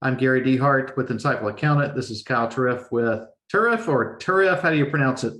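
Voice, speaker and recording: A man hosting an online webinar from home, relaxed and chatty, with fillers as he talks. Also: medium pitch, fast, roomy sound. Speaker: webinar host. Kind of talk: casual webinar chat and housekeeping. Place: home room, lawnmower outside.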